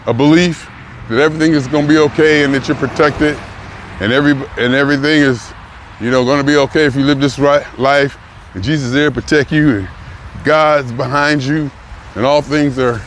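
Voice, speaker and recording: A man in his sixties musing aloud in a rambling, emphatic casual vlog, repeating himself as he works through his thoughts. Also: medium pitch. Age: 60s. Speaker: vlogger. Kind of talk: reflective casual monologue. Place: outdoors near a car rental lot. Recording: noisy outdoor street recording. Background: traffic and city noise.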